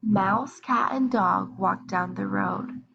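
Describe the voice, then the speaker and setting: A woman reading a picture book aloud to young children, slow and expressive, pausing to ask them questions. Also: medium pitch, vocal fry, dull audio, slight background noise. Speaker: storybook reader. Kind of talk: children's read-aloud storytime.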